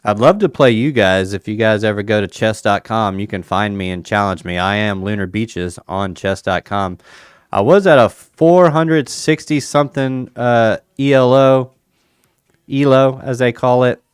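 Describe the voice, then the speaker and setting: A man's voice: lowish voice, normal speed, clear, resonant tone, no echo, clean studio sound. A man streaming casually, thinking aloud about crypto charts and a chess game, with playful banter. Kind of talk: casual livestream chat over charts and chess.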